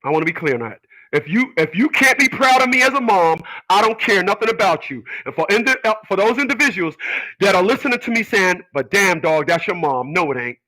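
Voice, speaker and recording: A radio host runs his own show in a casual monologue, rambling emphatically with lots of repetition and stammered restarts. His high voice is bright and forceful, and he talks fast and very animatedly. The recording quality is low.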